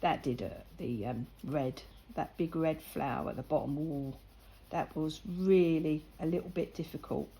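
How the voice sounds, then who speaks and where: A woman's voice: sits low, unhurried, vocal fry, dark tone, slight background noise, rough recording. An older woman, chatting casually and laughing as she tells a story while colouring.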